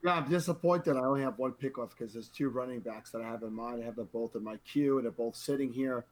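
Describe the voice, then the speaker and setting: A man, a fantasy analyst, calmly explaining his draft picks in casual podcast chat. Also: mid-range voice, fast, rough recording.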